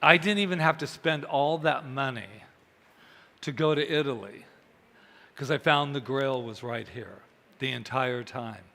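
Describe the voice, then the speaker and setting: A man's voice: medium pitch, a little slow, vocal fry. A man giving a chatty sermon, telling stories and acting out the voices of the people in them. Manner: chatty, animated, acts out quoted voices. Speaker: minister. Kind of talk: conversational sermon with storytelling. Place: church hall. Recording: reverberant hall.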